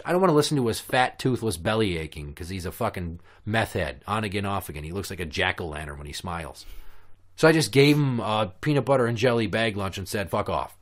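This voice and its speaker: A man's voice: lowish voice, a bit bright. A man hosting a casual podcast, telling stories in a blunt, sarcastic, profane rant. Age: adult with kids. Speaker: podcast host. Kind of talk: casual ranting podcast chat. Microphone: podcast microphone.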